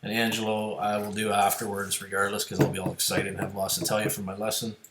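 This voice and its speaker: Heavy background noise and reverb surround this man's lowish voice, which runs fast and completely flat. He's streaming online poker, casually commenting to viewers as he reasons through hands and chip counts.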